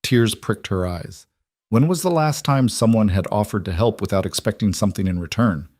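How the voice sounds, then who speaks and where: A man narrating a drama story in a measured, even storytelling manner. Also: on the low side, no room sound. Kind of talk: scripted narration.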